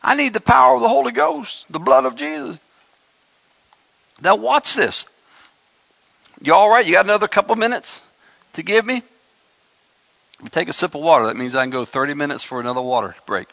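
Male pastor, high and gravelly, bright edge, preaching with emphasis and humor, slightly dull recording. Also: fairly quick, pauses often, no room sound. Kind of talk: sermon.

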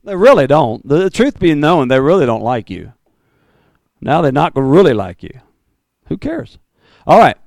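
A man preaching a fiery Pentecostal sermon, swinging from loud bursts to low, intense asides. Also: very animated, normal speed, gravelly, no echo. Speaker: pastor.

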